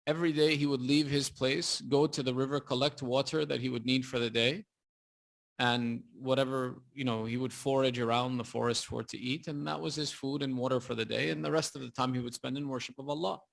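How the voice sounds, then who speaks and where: A man preaching a sermon, retelling a story in a lively, dramatic way. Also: mid-range voice, a little fast, vocal fry.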